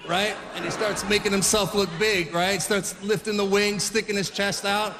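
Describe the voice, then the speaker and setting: Man, forties, stand-up comic, rambling storytelling, high voice, long hall reverb. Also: little pitch movement, moderate pace, sharp tone. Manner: rambling storytelling, frequent fillers and restarts. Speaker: stand-up comedian. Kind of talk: stand-up comedy routine.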